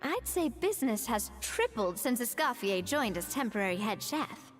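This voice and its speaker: A woman's voice: fairly high pitch, big pitch swings, moderate pace. A woman voicing a friendly, chatty young woman in a video game. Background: faint game music.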